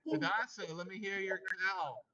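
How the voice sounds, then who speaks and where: A man's voice: high-pitched, normal speed, crowd noise. A man leading an online devotional class, emphatic and playful as he coaxes his students along. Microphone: video call. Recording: muffled video-call audio.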